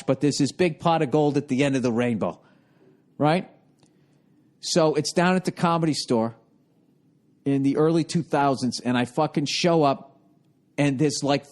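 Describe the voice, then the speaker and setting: A middle-aged man with a Boston accent telling a profane, exasperated stand-up story, jumping into sudden high, shouted outbursts. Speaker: stand-up comedian. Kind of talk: stand-up comedy rant.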